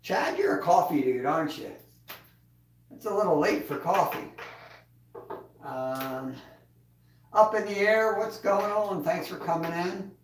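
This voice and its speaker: A man's voice: sits high, a little slow, long pauses, recorded from a distance, a little hiss or hum. A man hosting a casual livestream, chatting in a laid-back way and chuckling as he reads out viewer comments. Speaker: livestream host. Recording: echoey room, voice off-mic.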